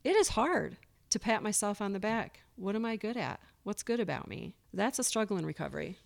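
A woman's voice: mid-range voice, lively intonation, a little fast, vocal fry. A woman guest on a recovery podcast, speaking earnestly and openly, sometimes acting out her own past thoughts. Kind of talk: candid recovery interview.

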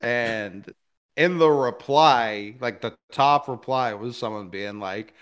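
A man's voice: medium pitch, slow pace, a bit bright, clear, resonant tone. A man co-hosting a casual chat, wry and mocking, often laughing. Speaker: podcast co-host.

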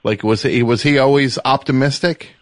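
A man hosting a casual podcast, asking loud, probing questions. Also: mid-range voice, fairly even intonation, normal speed, a crowd in the background. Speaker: host.

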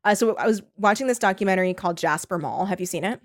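A woman co-hosts a podcast in loose, casual conversation, rambling with many filler words and giggling often. Her mid-range voice moves fast, and the studio-quality audio has no echo.

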